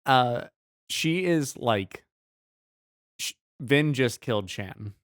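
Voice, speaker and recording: A man co-hosting a podcast, asking quick follow-up questions and laughing often in casual chat. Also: mid-range voice, animated, fairly bright tone, dry recording, clean studio sound. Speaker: podcast co-host.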